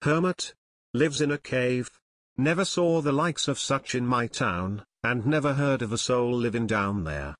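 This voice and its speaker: A man voicing a gruff old small-town storekeeper and mayor who talks in a blunt, folksy way. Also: medium pitch, expressive, unhurried, dry recording, clean studio sound, lightly acted. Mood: puzzled.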